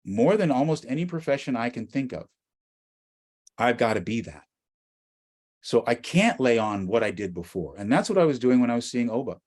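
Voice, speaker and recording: A middle-aged man with an American accent, giving an animated storytelling talk as a guest speaker. He swings from quiet asides to near-shouts. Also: medium pitch. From United States.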